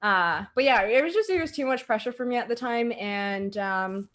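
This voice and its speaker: A woman's voice: on the high side, expressive, moderate pace, a bit bright. A young woman from Canada chatting casually on a livestream, telling stories animatedly and acting out the voices of people she quotes. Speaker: guest, streamer's best friend.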